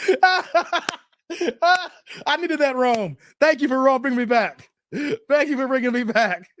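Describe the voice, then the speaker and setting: Man, high voice, lively swings in pitch, AAVE, ranting stream host. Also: dry recording. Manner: animated, swings between shouting and muttering, reads chat aloud. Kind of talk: ranting live-stream commentary.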